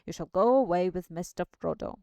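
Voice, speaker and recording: A woman, not a native English speaker, voicing an old male wizard, commanding and wry, in a deepened old man voice while reading a storybook aloud. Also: a little fast, dark tone, smooth, no echo, dull audio, close to an everyday voice. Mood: stern.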